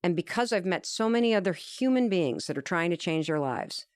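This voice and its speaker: A woman's voice: lowish voice, brisk, dry recording, studio quality. A woman telling an earnest, emphatic story as a guest in an interview conversation. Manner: animated, acts out quoted dialogue.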